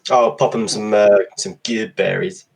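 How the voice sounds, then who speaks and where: A man's voice: on the low side, steady tone, normal speed, gravelly, crowd noise. A man playing in a tabletop game, joking around with a laid-back, hesitant way of talking. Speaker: player.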